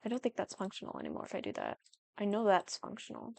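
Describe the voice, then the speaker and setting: Young female gaming vlogger, chatty and self-apologetic, dark gravelly tone. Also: mid-range voice, huge pitch swings, quick pace, no echo. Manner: chatty, apologetic, thinking aloud. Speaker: Sims building YouTuber. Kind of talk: casual gameplay commentary.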